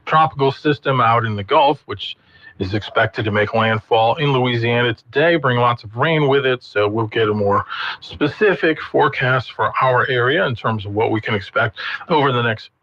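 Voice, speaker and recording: A man's voice: medium pitch, normal speed, fairly bright tone, slight background noise. A man co-hosting a radio talk show, bantering casually and laughing often. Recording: dull lo-fi radio broadcast.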